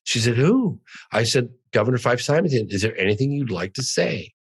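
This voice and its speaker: A man's voice: medium pitch, expressive, brisk, husky, rough recording. A middle-aged man from the United States, a podcast guest telling a long story in an earnest, emphatic way and insisting it is all true. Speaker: guest, documentary filmmaker. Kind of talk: animated storytelling.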